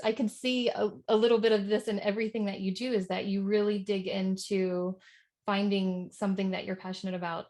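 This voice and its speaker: A woman hosting a live interview on a video call, affirming the guest and asking halting questions. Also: medium pitch. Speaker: interviewer host.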